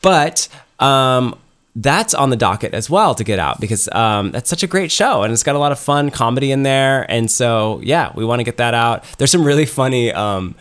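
A man's voice: medium pitch, expressive, normal speed, a bit bright, clean tone. A man co-hosting a podcast in casual chat, rambling with lots of ums and restarts. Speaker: podcast co-host.

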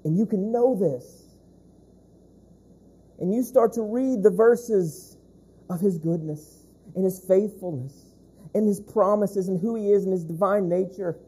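In a high, warm, slightly rough voice, a man preaches a sermon as pastor. His delivery is emphatic: he repeats key phrases, slows down for emphasis and asks the congregation questions.

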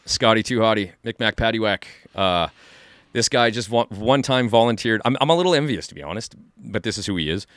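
A man's voice: on the low side, animated, brisk, fairly bright tone, dry recording. A man co-hosting a podcast in a studio, chatting casually and enthusiastically, rambling with lots of fillers and restarts. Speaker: podcast co-host. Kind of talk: casual chat.

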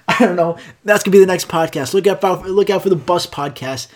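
A man's voice: high-pitched, quick pace, few pauses. A young man hosting his own podcast alone, rambling on in a profane, sarcastic way. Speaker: podcast host.

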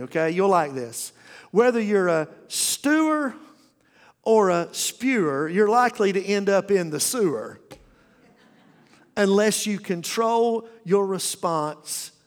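A man's voice: high-pitched, very animated, measured pace. A middle-aged male pastor preaching a folksy, humorous sermon in a church, often restarting his sentences. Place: church auditorium. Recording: long reverb of a church hall.

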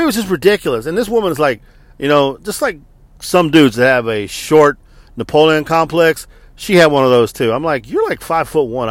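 A man in his forties with a slightly high voice tells a story as a casual rant. He is animated, profane and exasperated, and his pitch swings widely as he vents. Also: no room sound. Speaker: army veteran parent.

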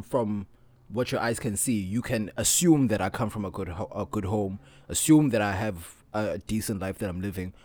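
A young man co-hosting a podcast, telling stories in casual chat and acting out what people said, often breaking into loud laughter. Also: lowish voice, no echo. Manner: animated storyteller, acts out quotes, laughs loudly. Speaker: podcast co-host.

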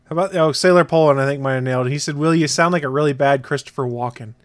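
A man hosting a podcast and chatting casually in a relaxed, wry manner. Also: on the high side, rapid-fire, no room sound. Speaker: podcast host. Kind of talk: casual chat.

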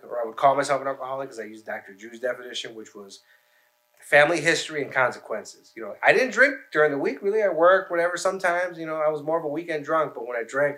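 A man's voice: mid-range voice, bright, forceful tone. A man on a podcast telling long, rambling, profane stories in casual chat.

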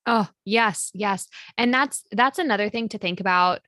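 A woman's voice: medium pitch, normal speed, bright, forceful tone, dry recording. A woman hosting a podcast, chatting casually in a practical, filler-heavy way. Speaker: podcast host. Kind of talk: casual chat.

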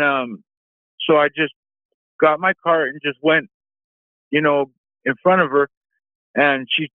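A man's voice: fairly high pitch, no echo. A man calling in to a talk show, rambling with many ums and you-knows. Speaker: caller. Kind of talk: phone call-in rant. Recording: phone line.

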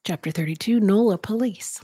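Woman podcast host reading a book out loud, husky mellow voice, chatty asides. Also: medium pitch, moderate pace, dry recording, clean studio sound. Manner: casual, giggly asides between passages. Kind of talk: reading a novel aloud with chat.

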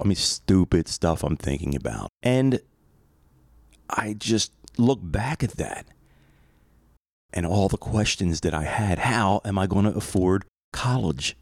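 A podcast host from the Philadelphia area delivers a personal storytelling monologue in a deep, darkish voice. He is conversational and reflective, drifting into rambling asides, and the studio sound is clean with no echo.

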